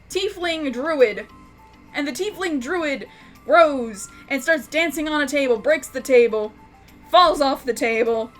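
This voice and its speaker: Woman storyteller, high voice, loose unscripted rambling with heavy swearing, faint music under. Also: fairly bright tone. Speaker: YouTube storyteller, game master.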